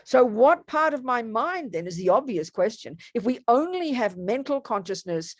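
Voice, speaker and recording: A woman's voice: fairly high pitch, sing-song, normal speed, dry recording. Chatty woman teaching meditation, dry close sound. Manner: chatty, playful asides, self-correcting. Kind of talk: casual dharma teaching talk. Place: home room.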